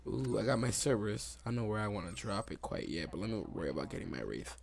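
A young man giving excitable live commentary over his own video game play, recorded on a desktop microphone at home. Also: on the low side, quick pace, gravelly, few pauses. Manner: excitable, reacts aloud to the game. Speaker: gaming YouTuber. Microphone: desktop USB mic.

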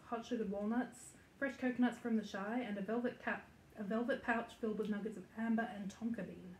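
A woman's voice: on the high side, darkish tone. A woman hosting a casual cross-stitch vlog, chatty and giggly with lots of ums and likes, talking to the camera from her home stitching room. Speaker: flosstube host. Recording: echoey room with faint noise.

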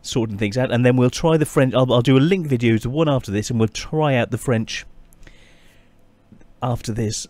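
A man giving casual, chatty gameplay commentary as a channel host, often pausing and restarting his sentences. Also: mid-range voice, a little mellow, no echo. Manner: chatty, halting, many restarts and fillers.

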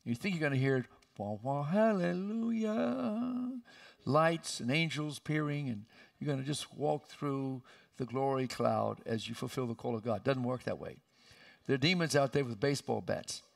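Gravelly, emphatic male pastor preaching. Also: moderate pace, distant mic. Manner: emphatic, with sudden loud high outbursts. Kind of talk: sermon. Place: church sanctuary.

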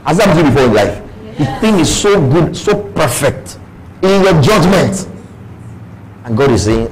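Nigerian man preaching a lively sermon. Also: medium pitch, normal speed, a little hiss or hum, poor audio. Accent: Nigerian English. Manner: preaching with playful asides, acting out quoted voices. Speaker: pastor. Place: church.

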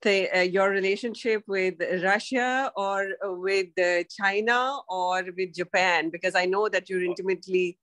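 A woman hosting an interview, asking questions hesitantly with many pauses and fillers. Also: mid-range voice, a bit bright, no room sound. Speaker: interview host. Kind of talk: casual conversational interview.

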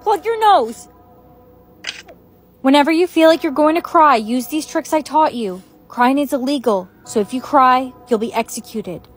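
A young woman with a high voice delivers absurd skit lines in a flat, matter-of-fact way. She plays several parts in quick short scenes. Light music sits faintly behind her. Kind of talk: acted comedy skit dialogue.

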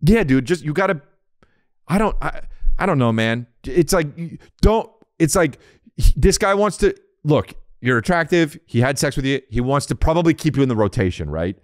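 A man's voice: a little high, expressive, moderate pace, no room sound, clean studio sound. Crude joking podcast co-host man. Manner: crude, joking, loud riffs with put-on voices. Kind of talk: casual chat.

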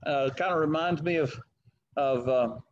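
A man's voice: on the high side, moderate pace, muffled recording. A man with a Southern American accent leading a Bible study, telling folksy stories between scripture quotes.

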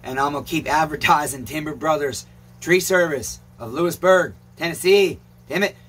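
A man's voice: a little high, moderate pace, a bit bright, husky. A man who runs a repair shop, talking in a rambling casual vlog, emphatic and swearing often. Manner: emphatic, swears often, calls viewers "neighbors". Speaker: chainsaw repair shop owner and channel host.

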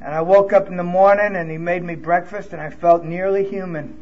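A man's voice: high voice, fairly even intonation, fairly quick, lo-fi sound. A man from New York with a New York accent, telling his recovery story at a conference in a candid, emotional way with blunt swearing. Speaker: recovery speaker. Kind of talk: personal testimony at a conference. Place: conference hall.

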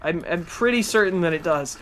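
A man's voice: high voice, expressive, brisk, a bit bright, a little hiss or hum. A man streaming live, chatting as he plays and talking back to game characters and his chat. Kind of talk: live gameplay commentary.

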